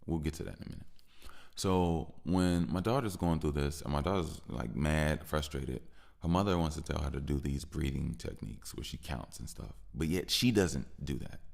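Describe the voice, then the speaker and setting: A man with a deep voice, hosting a podcast and venting frustrated in a personal monologue, repeating himself and growing heated at times. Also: creaky. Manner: frustrated, repetitive, rising into heated stretches. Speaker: podcast host.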